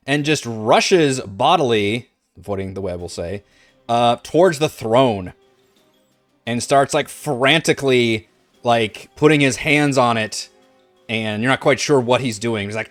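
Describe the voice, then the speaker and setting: A man's voice: medium pitch, measured pace, dry recording, faint music behind. A man running an online tabletop game as game master, talking casually and thinking aloud with many fillers.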